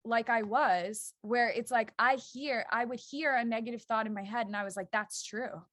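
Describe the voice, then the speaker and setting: A woman's voice: a little high, normal speed, a bit bright, no room sound, clean studio sound. A woman who teaches yoga, a guest on a podcast, explaining earnestly and acting out the thoughts that run through her head. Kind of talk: casual chat.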